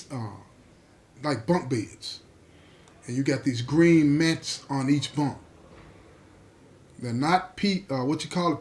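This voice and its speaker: A man telling a dramatic true story to his listeners, speaking slowly with deliberate pauses and addressing them directly. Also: a little high. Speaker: storyteller host.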